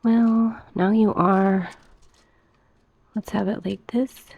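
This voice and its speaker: A woman's voice: mid-range voice, steady tone, slow pace, vocal fry, breathy edge, no echo, narrow, tinny audio. A young woman chatting casually in a plant care vlog, a little out of breath and giggling now and then. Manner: chatty, giggly, talks softly to her plants. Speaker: plant vlogger.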